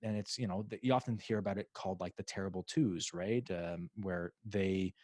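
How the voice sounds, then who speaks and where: Low-voiced man hosting a podcast. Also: fairly quick, a little mellow, dry recording. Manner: rambling, many restarts and fillers. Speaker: podcast host. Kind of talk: casual interview chat.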